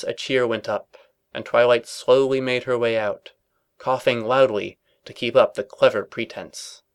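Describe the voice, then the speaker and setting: Man narrating with dry mock seriousness. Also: medium pitch. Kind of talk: reading comedic fan fiction aloud.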